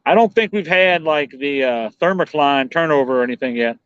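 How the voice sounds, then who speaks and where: A man hosting a night fishing livestream, chatting in a relaxed, rambling way, musing aloud and answering viewers. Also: a little high, brisk, smooth, dry recording. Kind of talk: casual live-stream chat. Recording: dull, dry lo-fi sound.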